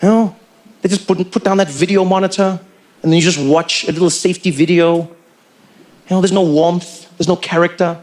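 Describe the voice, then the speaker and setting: A man doing stand-up comedy storytelling, animated and playful, slipping into quick impressions. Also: high-pitched.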